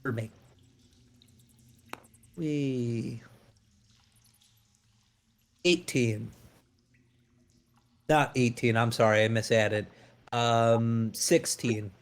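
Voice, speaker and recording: A man's voice: mid-range voice, steady tone, drawn-out words, long pauses. A man playing in a tabletop game, chatting in an easygoing conversational way. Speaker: player. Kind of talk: casual tabletop game chat.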